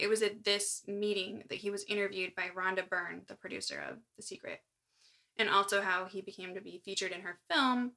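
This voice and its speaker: Reading from her notes in a casual podcast chat, a woman co-host relates a story with wry asides. She speaks at medium pitch with a creaky, sharp tone.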